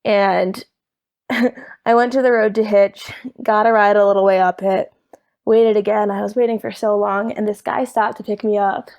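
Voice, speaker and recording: Young woman guest on a podcast, chatty and animated, laughs a lot, acts out the voices of other people. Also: medium pitch, normal speed. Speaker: guest, thru-hiker. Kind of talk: casual storytelling.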